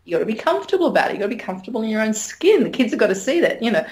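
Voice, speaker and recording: Middle-aged aussie woman chatting frankly in an interview, fairly high voice, laughs a lot. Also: racing. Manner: frank, animated, laughs often. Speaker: interview guest, sex educator. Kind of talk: candid conversational interview.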